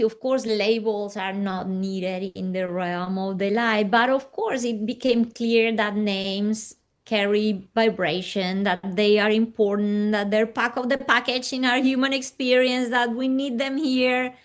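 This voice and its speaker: A woman guest telling a personal story in an interview, soft and reflective, often dropping to a hushed tone. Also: fairly high pitch, fairly even intonation, a little slow, few pauses.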